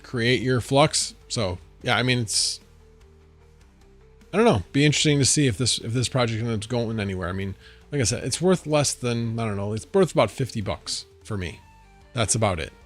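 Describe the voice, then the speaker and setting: A man's voice: mid-range voice, expressive, normal speed, soft background music. A man hosting a casual livestream from home, rambling and thinking aloud as he answers viewers' chat. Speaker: livestream host.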